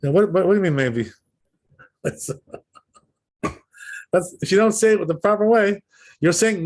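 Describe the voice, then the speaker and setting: Rabbi teaching with a slightly high voice. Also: male voice, lively intonation, moderate pace, pauses often, darkish tone. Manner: explanatory, repeats words, checks in with "right?" and "you know?"; demonstrates pronunciation aloud. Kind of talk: informal Torah lesson.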